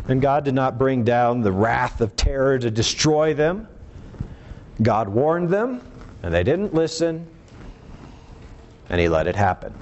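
A man's voice: sing-song, measured pace, long pauses, darkish tone. A man preaching a sermon, earnest and emphatic, swinging his voice up and down for emphasis. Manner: earnest, emphatic preaching with rising and falling pitch.

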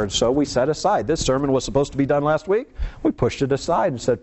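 A man's voice: on the high side, fast talker, darkish tone, a little hiss or hum. A man preaching a sermon in a conversational way, often putting rhetorical questions to his congregation.

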